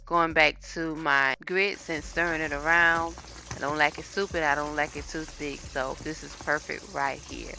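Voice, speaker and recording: A woman's voice: low-pitched, flat delivery, normal speed, gravelly, background noise. A woman chatting casually to her viewers while cooking in her home kitchen, filmed on a phone. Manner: chatty, talks straight to viewers. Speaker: cooking vlogger. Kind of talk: casual cooking vlog chat. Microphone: phone camera.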